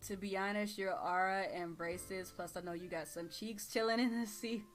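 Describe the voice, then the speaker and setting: A woman's voice: medium pitch, fairly even intonation, normal speed. A tired woman in her thirties with a Texas drawl, chatting casually on a live stream in a slangy, laid-back way while she reads the chat aloud. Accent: Texan.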